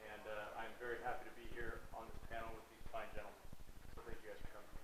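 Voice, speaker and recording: A man speaks as a company CEO on a panel, in a steady and businesslike manner. His pitch stays flat, and the recording is roomy and distant, with clear room noise behind him. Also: fast talker. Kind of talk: panel self-introduction.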